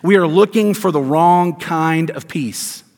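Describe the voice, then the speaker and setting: A man preaching a sermon as pastor, emphatic, with rhetorical questions and deliberate stresses. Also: a little high, a little mellow. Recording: long hall reverb.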